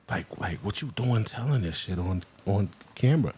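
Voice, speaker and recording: A man's voice: low voice, sing-song, normal speed, darkish tone, breathy edge. A man hosting a reaction video, casually commenting and mockingly imitating the people in the clips. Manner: laid-back, mocking, mimics clip speakers.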